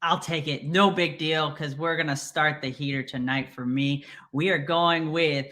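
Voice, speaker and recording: Brisk male betting analyst, bright tone. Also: steady tone. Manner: brisk, stat-heavy pitch. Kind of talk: making betting picks on a show.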